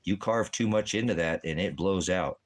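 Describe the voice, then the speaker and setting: Low-voiced rambling man. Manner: rambling, repetitive, halting. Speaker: vlogger. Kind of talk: casual chat.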